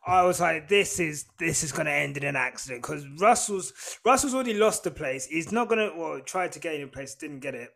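A man co-hosting a casual podcast with a slightly raised pitch. He talks in animated bursts and laughs easily between thoughts. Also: vocal fry. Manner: animated, laughs often, fast asides. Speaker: podcast co-host. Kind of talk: casual chat.

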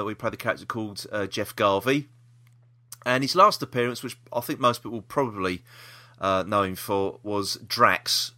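A man's voice: on the low side, sharp tone. A man co-hosting a casual podcast chat, rambling with restarts and laughter. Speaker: podcast co-host.

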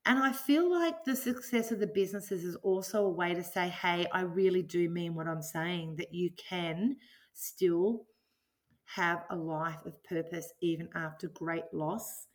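Appearing as a podcast interview guest, a middle-aged woman who owns a business and writes books reflects on her work and her life. She's earnest and enthusiastic, with a fairly low voice and a measured pace.

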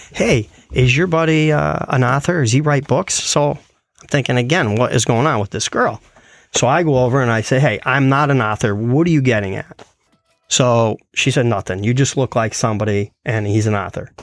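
A man's voice: medium pitch, no room sound. A man casually telling a personal story and acting out what others said in it. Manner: animated, quoting others in his retelling.

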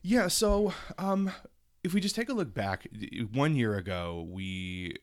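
A man co-hosting a podcast in casual chat, chatty and animated, with many fillers. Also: medium pitch, unhurried. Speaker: podcast co-host.

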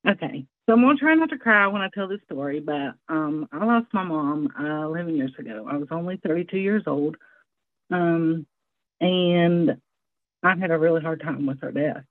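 A woman's voice: deep voice, expressive, normal speed, dry recording. A woman in her forties from the American South with a Southern US accent, a guest chatting candidly and laughing easily. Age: 40s. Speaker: interview guest. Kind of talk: casual conversation. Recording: tinny phone-like line, dry.

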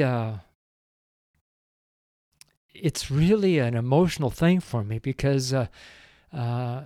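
A man preaching a devotional sermon and praying, earnest and openly emotional, with slow, deliberate emphasis. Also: medium pitch, expressive, warm tone, no room sound, clean studio sound. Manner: earnest, emotional, tearful at times.

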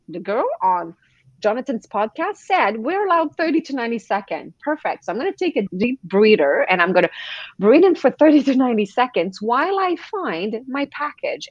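Female coach guest, animated and expressive. Husky tone, muffled sound. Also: fairly high pitch, dry recording. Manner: animated, acts out quoted voices. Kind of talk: podcast interview.

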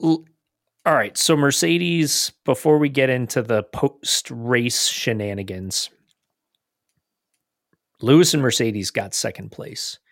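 Gravelly-voiced man in casual chat. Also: medium pitch, slow, long pauses, dry recording, studio quality. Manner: enthusiastic, restarts phrases often. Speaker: podcast co-host.

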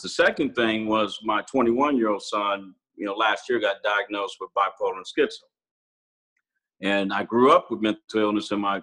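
A man's voice: lowish voice, bright, forceful tone, poor audio. A Marine sergeant major in his forties, a man telling personal stories candidly and casually, often calling the host brother. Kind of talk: candid conversational storytelling.

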